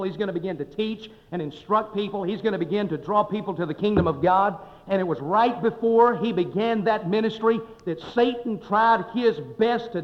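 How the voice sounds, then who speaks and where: A male pastor preaching a sermon in a folksy, emphatic way, swelling and dropping his voice. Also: sits high. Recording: dull sound with long hall reverb.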